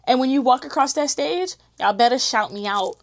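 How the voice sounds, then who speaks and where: A woman's voice: high voice, animated, moderate pace. A young woman chatting candidly to camera, slangy, emotional and encouraging. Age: young adult. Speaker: vlogger. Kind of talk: casual chat to camera.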